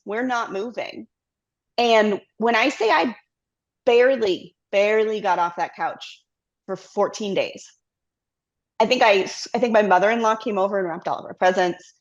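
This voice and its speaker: A middle-aged company CEO appears as a guest in a conversational interview, candidly telling her story in a mid-range voice and slipping into quoted self-talk. The lo-fi audio is slightly muffled.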